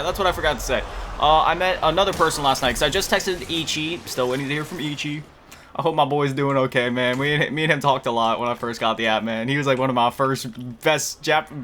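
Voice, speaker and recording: A man's voice: mid-range voice, background noise. A man chatting casually while playing a game, rambling and correcting himself often, with lots of fillers and self-mocking chuckles. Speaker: gaming video creator. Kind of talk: casual chat over gameplay.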